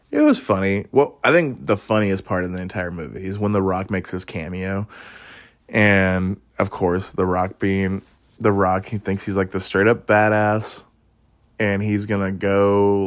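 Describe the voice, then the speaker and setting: Rambling, laughing male podcast host. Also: fairly low pitch. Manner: rambling, laughs often, swears casually. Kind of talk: casual solo podcast chat.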